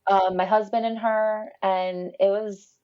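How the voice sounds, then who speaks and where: Woman, casual storyteller, animated, mimics voices, laughs a lot, muffled lo-fi audio. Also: medium pitch, unhurried, clean tone. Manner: animated, quotes people with lively voice changes, laughs often. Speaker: podcast guest telling her birth story.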